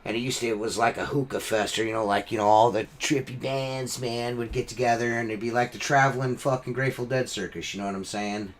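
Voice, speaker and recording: A man's voice: medium pitch, fairly even intonation, quick pace, few pauses. A man with a mid-range voice tells a loose, rambling story on his podcast. His speech is casual and full of swearing. He sounds like he is talking among friends. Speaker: podcast host. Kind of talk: casual chat.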